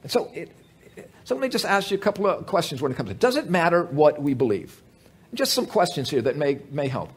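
Male pastor, high husky voice, very lively pitch, conversational sermon with jokes. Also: fairly quick. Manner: conversational and animated, with frequent restarts and humorous asides.

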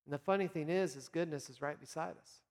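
A man's voice: a little high, long reverb tail. Earnest man giving a devotional talk. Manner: earnest, encouraging, with gentle pauses.

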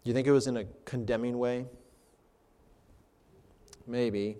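A man's voice: medium pitch, fairly even intonation, unhurried, mellow, long reverb tail. A man, a pastor, preaching an expository sermon with rhetorical questions.

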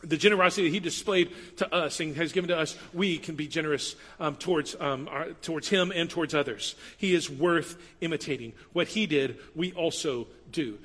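A man preaches with a bright, forceful voice pitched a little high, his delivery animated as he swings between loud emphasis and quiet, close asides. The sound carries a long reverb, as though filling a large church hall. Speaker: pastor. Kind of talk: sermon.

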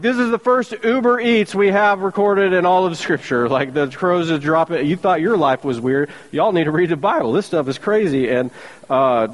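A man preaching a sermon as pastor, telling the story with sarcastic humor and acting out the characters' voices. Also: high-pitched. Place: church sanctuary. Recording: long reverb of a large hall.

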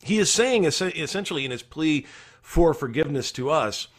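A man preaching a devotional sermon as a pastor, earnest and emphatic, rising to loud declarations and dropping to hushed, soft passages. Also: fairly high pitch, lively intonation, normal speed. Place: recorded during quarantine.

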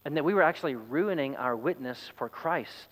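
Man preaching, slightly high voice. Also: expressive, normal speed, a bit bright, rough recording. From United States. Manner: conversational storytelling preaching. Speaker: pastor. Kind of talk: sermon.

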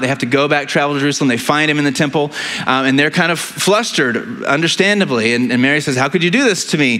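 Man preaching with halting, filler-heavy delivery. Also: on the high side, pushed and bright. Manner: conversational preaching with frequent tag questions. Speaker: pastor. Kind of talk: sermon.

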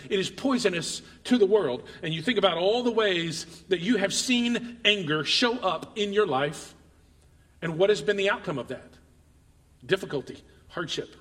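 Bright-voiced pastor in a reverberant hall. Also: male voice, high-pitched. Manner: conversational, repeats words, addresses congregation directly. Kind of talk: sermon. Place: church sanctuary.

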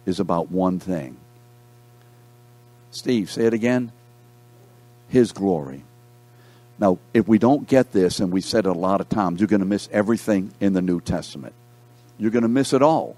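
Man teaching a Bible class, low and mellow. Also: normal speed, no room sound. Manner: reads scripture aloud, breaks off to quiz the class; repeats key words for emphasis.

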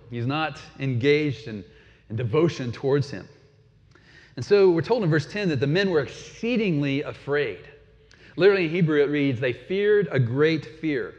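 A man's voice: fairly high pitch, a little mellow. A man preaching a sermon in a conversational way, often asking his listeners questions. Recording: dull sound with long hall reverb.

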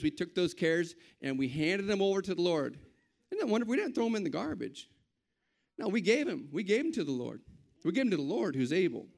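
A man with a high voice preaches a sermon to his congregation. He talks to them conversationally and rises into bold, confident declarations. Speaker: pastor.

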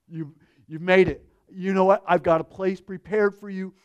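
A man preaching acts out God the Father as a joyful male figure, welcoming a believer home with rising excitement. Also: sits high, measured pace, smooth, lo-fi sound. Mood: overjoyed.

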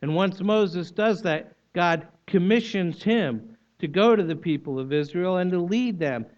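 Male preacher, slightly high pitch, explanatory and emphatic; muffled lo-fi sermon recording. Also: a little slow, a little mellow. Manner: explanatory teaching, emphatic repetition. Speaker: pastor. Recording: dull lo-fi recording.

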